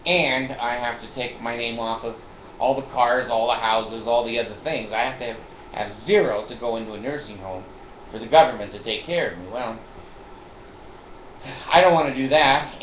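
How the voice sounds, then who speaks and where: An older man talks casually to the camera from his chair at home, rambling from one story to the next and laughing at his own jokes. His voice sits at an ordinary middle pitch. The recording is roomy and somewhat dull, with faint noise behind him. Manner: rambling, joking, laughs often. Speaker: vlogger.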